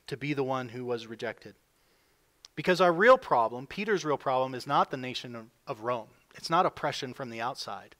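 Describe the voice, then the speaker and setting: A male pastor delivers a sermon with a voice sitting a bit above the usual for men. He leans hard into his points, then falls back to a hushed tone before rising again. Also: fairly high pitch. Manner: emphatic preaching, voices quoted figures with rising force.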